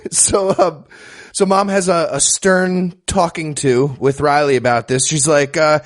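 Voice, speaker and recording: A man's voice: a little high, measured pace. A man co-hosting a casual comedy podcast, retelling a movie scene with laughter and mimicry. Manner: animated, laughing, mimicking characters.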